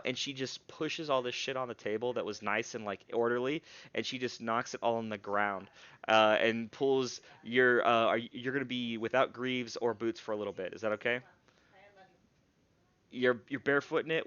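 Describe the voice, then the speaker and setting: Casual halting game master. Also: male voice, medium pitch, fairly bright tone, clear, resonant tone, dry recording, muffled recording. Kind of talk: narrating a tabletop game.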